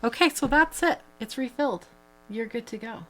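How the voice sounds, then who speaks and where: A woman's voice: fairly high pitch, moderate pace, fairly bright tone, faint music behind, low-quality recording. A woman hosting a live craft tutorial, chatting casually as she demonstrates each step, with plenty of fillers. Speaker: host.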